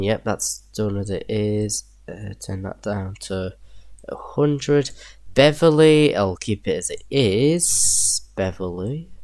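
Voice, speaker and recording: A man's voice: lowish voice, no room sound. A young man with a Yorkshire accent, casually thinking aloud while building a train map in a game, chuckling to himself now and then. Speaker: gameplay video creator. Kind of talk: casual gameplay commentary.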